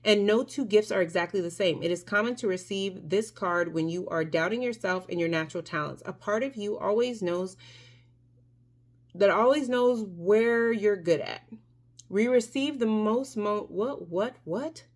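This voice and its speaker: Speaking at an ordinary pace in a mid-range voice, a Mexican tarot reader talks her audience through a reading. Her delivery is emphatic and conversational, peppered with fillers and frequent restarts.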